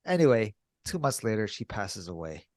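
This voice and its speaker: Animated storytelling man, dry close sound. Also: normal speed, no room sound. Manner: animated storyteller, mimics cheerful greetings in a higher voice. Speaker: podcast co-host. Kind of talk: candid casual chat.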